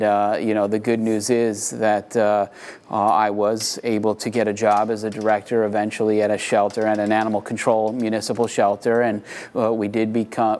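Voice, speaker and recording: A man speaks earnestly in an interview and keeps his pitch low and level, with little rise and fall. He stops and restarts often and fills the gaps with "uh" and "you know". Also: darkish tone. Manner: earnest, many fillers and restarts. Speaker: animal shelter reform advocate, interviewee. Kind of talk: interview answers.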